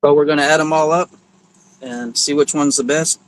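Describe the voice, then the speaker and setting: A man's voice: on the high side, steady tone, normal speed, rough recording. Easygoing man co-hosting a stream. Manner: easygoing, hesitant with frequent uhs. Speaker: guest co-host. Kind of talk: casual livestream chat.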